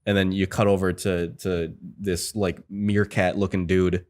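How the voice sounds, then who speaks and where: A man's voice: sits low, little pitch movement, measured pace, a little mellow. A man hosting a casual film podcast, talking in a rambling way with lots of fillers and restarts. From United States. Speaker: podcast host.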